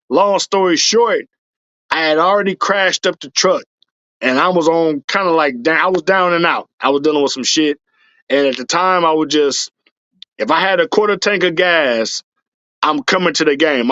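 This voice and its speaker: Profane, animated man telling stories. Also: a little high, no echo, dull audio. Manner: profane, animated, breaks into shouts and laughs. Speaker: podcast guest, superfan. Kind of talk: casual storytelling.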